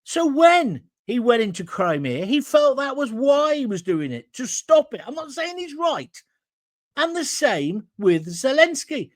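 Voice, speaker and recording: A blunt, combative middle-aged man hosting a talk show, his pitch swinging widely as he mocks and argues. The sound is dry and close, with no room echo. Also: sing-song, unhurried. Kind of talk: opinionated commentary reading viewer comments.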